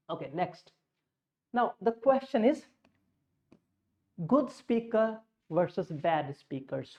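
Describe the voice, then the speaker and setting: A man teaching a spoken-English lesson, explaining step by step in a deliberate way. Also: sits high, a little mellow, dull audio. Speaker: English speaking coach.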